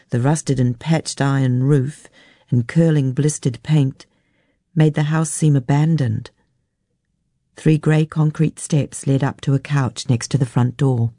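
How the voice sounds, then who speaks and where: A woman narrating a novel as an audiobook in a steady, measured way. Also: extremely low pitch, no echo, studio quality.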